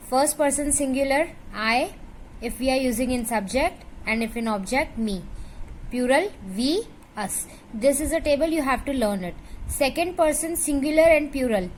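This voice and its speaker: High-voiced Indian English woman teaching. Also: a little hiss or hum, rough recording. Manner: patient, checks understanding with "right?"; drills word lists slowly. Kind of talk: grammar lesson explanation.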